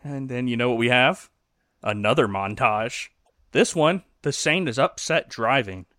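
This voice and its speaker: A man's voice: mid-range voice, measured pace, fairly bright tone, dry recording, studio quality. A man who is a minister, co-hosting a casual movie review podcast and retelling scenes with lots of laughter.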